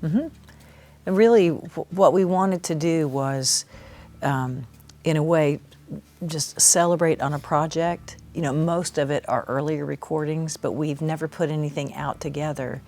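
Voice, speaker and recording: A woman's voice: low-pitched, unhurried, darkish tone. A middle-aged woman answering interview questions in long, thoughtful sentences. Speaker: singer, interview guest.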